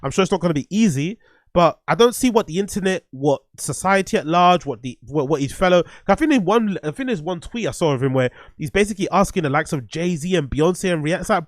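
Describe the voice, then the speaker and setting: A blunt man hosts a casual livestream, swearing freely and circling back over his points. His voice sits a little high for a man. The recording is close and dry. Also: lively intonation, quick pace, dry recording. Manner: blunt, profane, rambling with restarts. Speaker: streamer host reviewing music.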